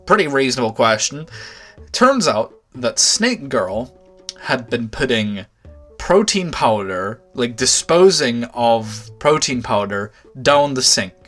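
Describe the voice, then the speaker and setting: A young man telling a storytime anecdote, exasperated and swearing, with animated outbursts. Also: medium pitch, takes it slowly, soft background music. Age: young adult. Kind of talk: storytime vlog.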